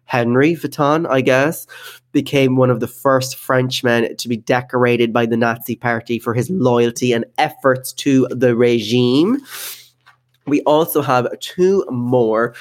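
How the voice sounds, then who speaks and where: This podcast co-host is a man with a medium-pitched voice and a slightly slow pace. He chats casually and loosely, filling his talk with fillers and laughing often.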